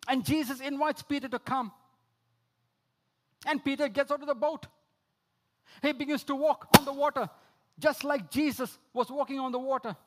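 A man preaching a sermon, repeating key phrases, calling listeners friends, and swinging between emphatic outbursts and low, quiet lines. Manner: rises to emphatic high exclamations, drops low for quoted lines.

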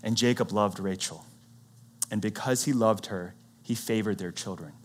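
A man preaching, retelling a Bible story in a conversational, animated way and acting out what the characters say. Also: on the low side, normal speed. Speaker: pastor.

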